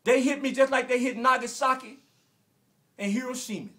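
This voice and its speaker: A man in his forties from Arkansas with a Southern American accent, delivering an emotional, preachy rant that repeats phrases and bursts into shouts. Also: extremely high pitch, fairly even intonation, moderate pace. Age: 40s. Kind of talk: impassioned direct-to-camera rant.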